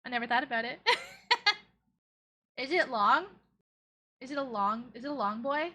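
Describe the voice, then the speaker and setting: High, bright giggly woman streamer. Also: moderate pace, lo-fi sound. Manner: giggly, playful baby talk. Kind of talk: casual live-stream chat reacting to old clips.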